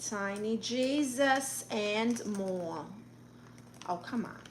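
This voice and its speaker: Very slowly and at a medium pitch, a woman voices a sassy, boastful middle-aged aunt from Brooklyn who pretends to be a therapist. Hosting a livestream, she reads chat comments with blunt sass in a Brooklyn accent, with a little hiss or hum in the audio.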